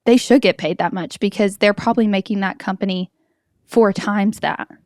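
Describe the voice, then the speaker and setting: A woman's voice: medium pitch, normal speed, darkish tone, no echo, studio quality. A woman co-hosting a podcast, chatting casually and telling stories with quoted voices. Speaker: podcast co-host. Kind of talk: casual chat.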